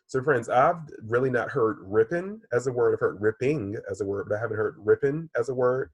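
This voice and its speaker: A man's voice: mid-range voice, moderate pace, few pauses, a little mellow, husky, no echo. A male third-grade teacher giving a recorded online reading lesson, speaking patiently and often calling his pupils "friends" between many "um"s.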